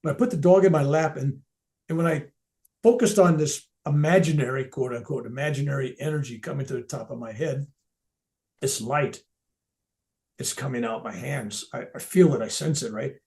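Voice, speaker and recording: Here an older reverend at a veterans event reflects earnestly on a personal spiritual experience before his listeners. He speaks at normal speed in a mid-range voice that is a little mellow.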